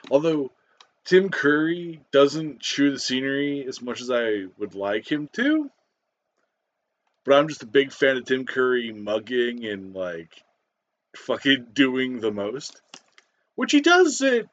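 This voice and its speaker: Slow, rambling man reviewing a movie. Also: mid-range voice, big pitch swings, lo-fi sound. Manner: rambling, many fillers and restarts, casual swearing. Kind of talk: casual spoken review.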